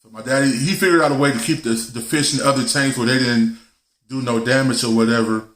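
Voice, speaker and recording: A man's voice: medium pitch, fairly even intonation, fast talker, fairly bright tone. A man hosting a live stream, telling a story in a loose, slangy way and laughing as he goes. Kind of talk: casual storytelling chat. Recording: roomy echo.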